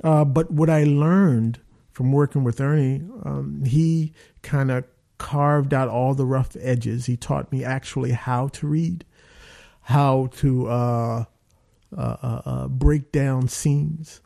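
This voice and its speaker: A man, an actor being interviewed, who tells rambling, animated stories with lots of fillers. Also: medium pitch, slow pace, creaky. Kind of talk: casual storytelling.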